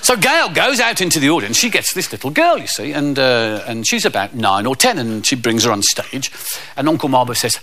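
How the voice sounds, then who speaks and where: A man doing stand-up, telling deadpan stories and acting out the people in them. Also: mid-range voice, a little fast, a little hiss or hum. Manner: deadpan storytelling, acting out characters. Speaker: stand-up comedian. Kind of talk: stand-up comedy routine.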